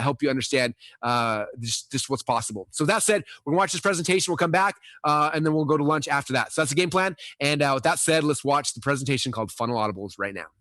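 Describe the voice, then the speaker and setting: A man's voice: fairly high pitch, a bit bright, dry recording. A man casually introducing a recorded presentation to an audience, chatty with loose fillers. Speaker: event host.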